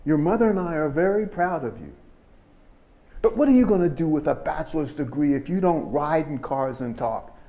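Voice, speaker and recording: A man's voice: expressive, moderate pace, dark tone. A man doing his doubting, money-minded old dad. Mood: proud, doubtful. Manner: practical, questioning, raises pitch in disbelief. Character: proud but money-minded older father.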